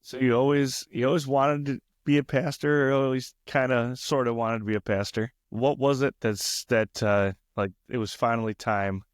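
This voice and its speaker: A man's voice: medium pitch, steady tone, normal speed, few pauses, smooth, no echo. Male podcast host, average voice, casual questions, dry mic. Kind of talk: interview questions.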